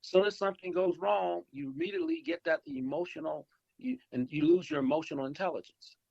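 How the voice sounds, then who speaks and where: A man's voice: extremely high pitch, big pitch swings, fairly quick, vocal fry, a little mellow, husky, dry recording. A middle-aged man, an insurance agency owner and investor, giving rambling advice in a phone interview, with many repeats and restarts as he acts out calls with customers. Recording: dull lo-fi phone line.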